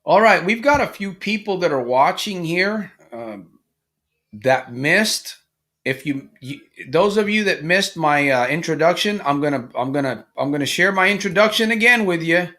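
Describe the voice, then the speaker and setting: A middle-aged man speaks to a live audience as a coach, his voice pitched a little high and sharply bright. He tells stories in an animated way and acts out the characters in them. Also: moderate pace. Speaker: problem gambling coach. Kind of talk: live-stream motivational talk.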